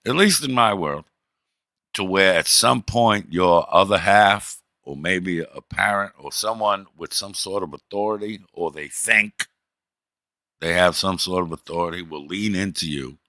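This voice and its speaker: A man's voice: deep voice, pushed and bright, dry recording, clean studio sound. A middle-aged man streaming, telling a rambling, profane story in a wry, casual way.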